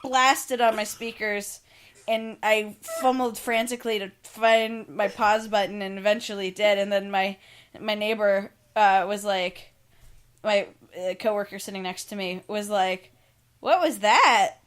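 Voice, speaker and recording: A woman co-hosting a podcast in casual chat, telling stories in an animated way and laughing often. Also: medium pitch, unhurried, clean tone. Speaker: podcast co-host.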